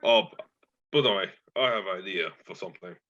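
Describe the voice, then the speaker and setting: A man's voice: sits low, a little fast, bright, forceful tone. A man playing a tabletop game, improvising in character with rambling, stumbling lines. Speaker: player. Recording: dull lo-fi audio.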